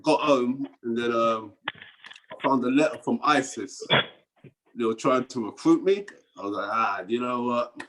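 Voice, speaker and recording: A man's voice: mid-range voice, moderate pace, a bit bright, slight background noise, low-quality recording. A man with a Cockney accent doing a rambling stand-up set over a video call, dropping into mumbled asides and chuckling at his own jokes. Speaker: stand-up comedian.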